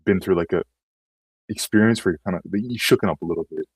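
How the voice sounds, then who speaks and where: Low husky man, rambling storyteller. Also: quick pace, dry recording, rough recording. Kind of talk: casual conversation.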